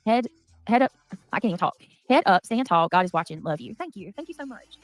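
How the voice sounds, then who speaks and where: A woman's voice: medium pitch, sing-song, fast talker, no room sound, faint music behind. A woman chatting casually on a livestream, reading out and thanking donations.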